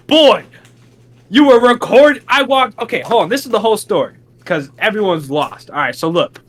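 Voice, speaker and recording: Telling a long story at normal speed, this young man keeps the podcast conversation casual. He brings the quoted lines to life with energetic swings in pitch.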